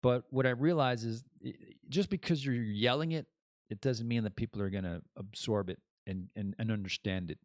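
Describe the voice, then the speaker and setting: A man's voice: medium pitch, normal speed, dry recording, clean studio sound. A man hosting his own podcast in a casual, rambling monologue that drifts between topics and laughs at his own jokes. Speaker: podcast host.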